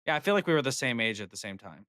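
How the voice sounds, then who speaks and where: A man's voice: mid-range voice, animated, rapid-fire, smooth. A man co-hosting a podcast, rambling and joking in casual banter, often tripping over his own words. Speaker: podcast co-host. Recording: loud background noise.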